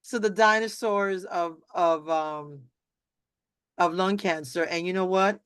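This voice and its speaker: A middle-aged woman hosting a live video chat, rambling warmly with many restarts and acted-out quotes. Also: on the low side, takes it slowly, smooth, dry recording. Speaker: host. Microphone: video call.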